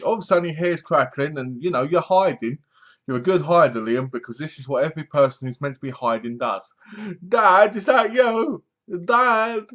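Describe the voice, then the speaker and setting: A man's voice: mid-range voice, fairly bright tone. A man giving a sarcastic, casual spoken review, often acting out lines in funny voices. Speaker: film reviewer. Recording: dull lo-fi sound.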